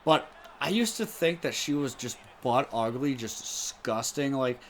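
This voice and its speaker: A man's voice: mid-range voice, a little slow, fairly bright tone, slight background noise. A young man co-hosting a gaming stream, blunt and crude, swearing often. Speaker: gaming co-host. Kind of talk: casual chat while gaming.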